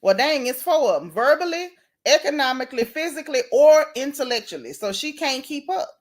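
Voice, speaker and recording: A middle-aged woman, hosting a casual gossip livestream, animated and sassy as she reads out viewer comments. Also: sits high, brisk. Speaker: livestream host.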